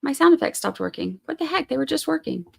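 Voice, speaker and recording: A woman's voice: high voice, sing-song, fast, vocal fry. A woman from Georgia, hosting a true crime live stream and chatting casually with viewers in a rambling way. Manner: chatty and rambling, full of fillers and asides.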